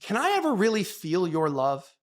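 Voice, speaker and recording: A man talking earnestly and reflectively in a podcast debate, slowing down to stress his points. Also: high voice, big pitch swings.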